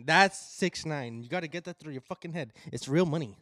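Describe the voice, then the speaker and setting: A young man co-hosting a podcast, telling stories in casual chat and acting out loud impressions of the people he quotes. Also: fairly high pitch, fast talker, hardly any pauses, no room sound, clean studio sound. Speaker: podcast co-host.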